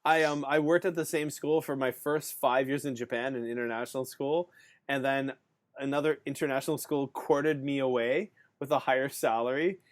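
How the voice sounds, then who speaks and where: A man's voice: mid-range voice, steady tone, normal speed. A male podcast host in casual chat who rambles, fills his talk with "um" and "like", and laughs often. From Canada.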